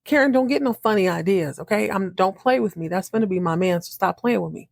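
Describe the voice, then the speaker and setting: Animated woman recapping a TV episode. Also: medium pitch, a little fast, creaky, dry recording, clean studio sound. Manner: animated, acts out characters' lines in shifting voices; laughs often. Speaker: podcast host recapping a TV episode. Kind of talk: casual recap monologue.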